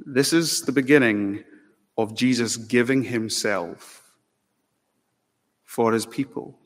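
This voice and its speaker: A male preacher delivers an impassioned sermon, his medium-pitched voice lifting to emphatic peaks and dropping into slow, solemn passages. Long reverb from the church hall trails after each phrase. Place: church sanctuary.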